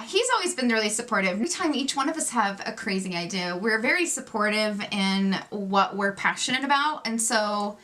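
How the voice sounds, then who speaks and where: A woman in her forties talks straight to camera on her own channel, chatty and openly nervous. Her voice sits a little high. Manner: chatty, self-described loud, nervous. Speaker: YouTube channel host. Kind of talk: casual chat to camera.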